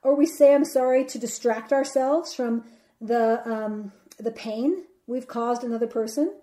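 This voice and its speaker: Woman doing a solo podcast, kinda high voice, lots of um's, roomy echo. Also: a little slow, warm tone. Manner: earnest, repetitive with many um's and restarts. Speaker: podcast host. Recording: roomy echoey sound.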